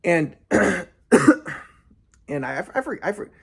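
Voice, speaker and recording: A man's voice: high voice, sing-song, extremely slow, creaky, slightly rough. A young man telling a rambling personal story in a casual monologue, with many restarts and quoted asides.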